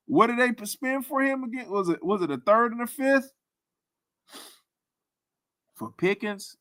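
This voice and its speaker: A man's voice: sits high, lively intonation, normal speed, sharp tone, no room sound. A man hosting a casual sports talk stream, teasing and laughing often. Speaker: sports commentary host.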